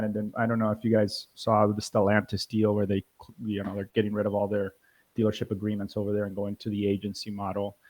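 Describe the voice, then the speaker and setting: Hesitant man asking questions. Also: on the low side. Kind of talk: conversational panel discussion.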